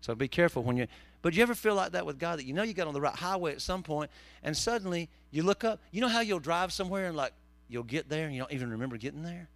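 A man's voice: fairly high pitch, expressive, fast talker, a bit bright, no echo. A man preaching a sermon, telling folksy, joking stories. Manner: folksy, joking storyteller with southern turns of phrase. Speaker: pastor.

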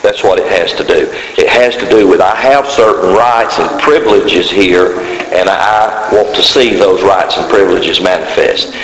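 A man's voice: sits low, moderate pace, hardly any pauses, muffled recording. A man preaching a sermon to a congregation, emphatic and repeating key words for stress. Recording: echoey hall with long reverb, faint hiss.

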